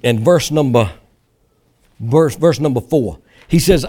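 A man's voice: medium pitch, a little slow, long pauses, warm tone, breathy edge. A male pastor preaching a sermon in a folksy, emphatic way, mimicking pleading prayers for effect.

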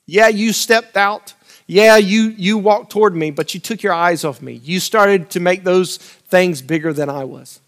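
Guy preaching a sermon, kinda high voice, gets loud then drops real quiet, says things twice. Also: a little slow. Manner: dramatic swings between loud urgent lines and quiet intimate asides; repeats phrases for emphasis.

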